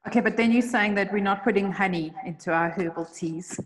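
A woman's voice: mid-range voice, brisk, a little hiss or hum. A woman co-hosting a webinar on a video call, friendly as she reads out questions and wraps up. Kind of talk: casual webinar moderation.

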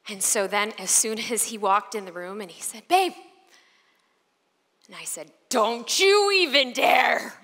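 A woman speaker from Chicago telling a personal story in an animated way to a live audience, acting out the voices of people in it. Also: mid-range voice, moderate pace, pauses often. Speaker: motivational speaker. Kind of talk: storytelling keynote talk. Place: large event hall on stage. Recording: long reverb of a large hall.

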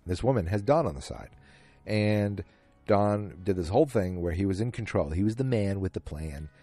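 A man's voice: fairly low pitch, expressive, normal speed, mellow, no room sound, faint music behind. A man hosting a solo podcast, casually retelling a TV episode scene by scene with quoted lines and plenty of ums. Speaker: podcast host recapping a TV episode.

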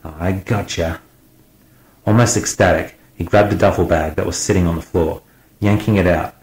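Deep-voiced man narrating an audiobook. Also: brisk, reverberant, low-quality recording. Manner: steady dramatic reading.

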